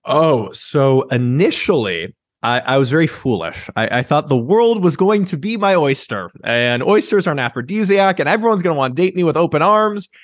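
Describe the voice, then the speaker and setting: A man's voice: a little high, moderate pace, no echo, studio quality. A man in his thirties, a sex writer, talking candidly and with animation as a guest in a casual interview. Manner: candid, animated, mimics others in quoted asides.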